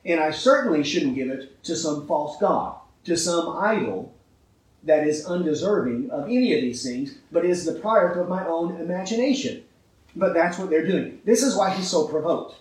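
A man's voice: on the high side, lively intonation, normal speed, a little mellow, roomy sound, recorded from a distance, low-quality recording. A man preaching a sermon with emphasis, often asking his listeners rhetorical questions and checking in with "right?".

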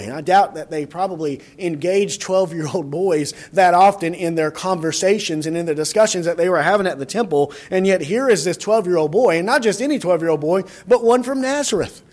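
High-voiced man preaching earnestly. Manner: earnest, repeats words and restarts phrases. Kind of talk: sermon.

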